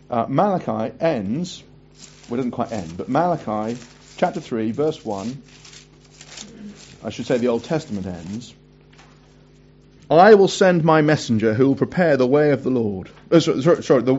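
A man preaching a sermon, reading scripture aloud and breaking off for chatty asides and quick self-corrections. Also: fairly high pitch, a little mellow, breathy edge, muffled recording.

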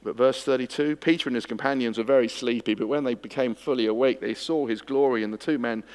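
A man preaching an expository sermon, swinging from hushed moments to emphatic ones. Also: mid-range voice, fast talker. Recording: long hall reverb.

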